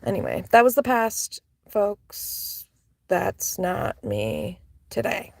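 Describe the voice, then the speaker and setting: A woman telling casual storytime anecdotes, chatty and full of "like" fillers, laughing and swearing, sometimes dropping to soft whispery asides. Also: mid-range voice, wildly swooping pitch, slow, creaky.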